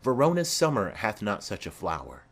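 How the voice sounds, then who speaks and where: A man reading the part of a formal, commanding noblewoman speaking to her daughter in measured declamation. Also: lowish voice, wildly swooping pitch, gravelly, exaggerated voice. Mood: stately.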